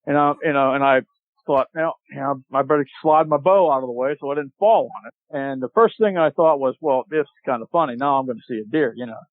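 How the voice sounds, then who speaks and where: A man's voice: mid-range voice, quick pace, dry recording. Man telling a story over a tinny line. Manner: animated storyteller, acts out shouted quotes. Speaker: podcast guest. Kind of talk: storytelling in a casual chat. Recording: tinny phone-like line, dry.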